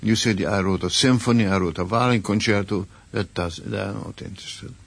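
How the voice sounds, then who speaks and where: Husky older Hungarian-accented man. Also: on the low side, brisk. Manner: lively storyteller, acts out quoted voices. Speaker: guest composer. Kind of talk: anecdotal radio interview.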